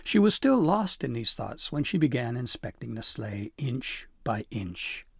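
A man narrating a storybook in a gentle, measured reading. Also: medium pitch, very animated, creaky, slightly rough, no room sound, studio quality.

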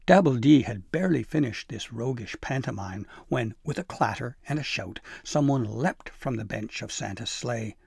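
A man narrating a storybook in a gentle, measured reading. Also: mid-range voice, lively intonation, gravelly, slightly rough, dry recording, clean studio sound.

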